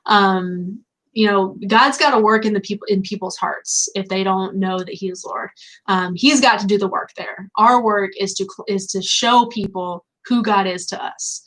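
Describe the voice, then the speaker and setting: Woman teaching pastor, mid-pitched, earnest and explanatory. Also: fairly even intonation, moderate pace, fairly bright tone, rough recording. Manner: earnest, explanatory, with many fillers. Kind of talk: casual discussion.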